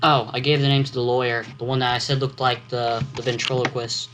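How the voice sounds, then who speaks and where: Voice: mid-range voice, level tone, fairly quick. Voice rambling through a vlog. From United States. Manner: meandering, self-correcting, thinking aloud. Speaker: writing vlogger. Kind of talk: casual rambling vlog commentary. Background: loud computer fan hum.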